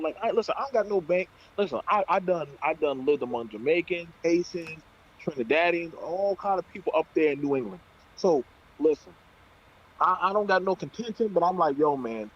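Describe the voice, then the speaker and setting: A man's voice: sits high, a little hiss or hum. A man hosting a heated panel talk, blunt and profane. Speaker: show host. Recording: dull lo-fi audio.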